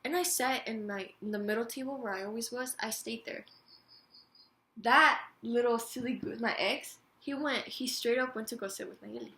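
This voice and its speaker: A woman's voice: fairly high pitch, normal speed, sharp tone. A young woman, an interview guest, telling a story in casual chat, swearing freely and acting out quotes. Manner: chatty, swears freely, lots of "like" and acted-out quotes. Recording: roomy room with faint noise.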